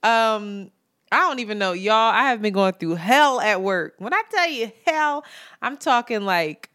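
A woman's voice: medium pitch, measured pace, smooth, no room sound. A young woman co-hosting a casual podcast chat, telling stories with lots of swearing and acted-out quotes. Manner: animated storyteller, swears freely, acts out quoted people. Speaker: podcast co-host.

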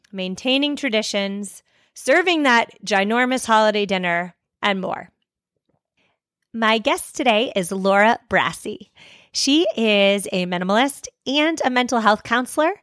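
A woman hosting a podcast, hoarse from a cold, with an upbeat, emphatic delivery. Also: mid-range voice, a bit bright, dry recording, clean studio sound. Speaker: podcast host.

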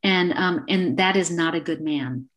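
A woman's voice: lowish voice, measured pace. A middle-aged woman in casual conversation, speaking openly and acting out little snippets of dialogue as she explains. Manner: animated, acts out little dialogues. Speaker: guest.

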